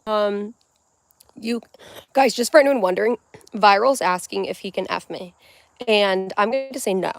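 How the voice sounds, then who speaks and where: A woman's voice: mid-range voice, moderate pace, creaky, pauses often, no room sound. A young adult woman hosting a casual livestream at home, rambling from one topic to the next in a scattered way. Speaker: livestream host.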